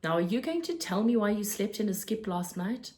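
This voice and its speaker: A woman reading aloud, voicing a kindly, fussy middle-aged male newsagent who talks in a gentle, fatherly, earnest way. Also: medium pitch, animated, brisk, close to an everyday voice. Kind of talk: storybook read-aloud.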